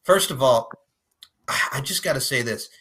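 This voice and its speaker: A man hosting a casual wrestling podcast, excitable and jokey, laughing often and breaking into shouts. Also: mid-range voice, normal speed, husky. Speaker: podcast host.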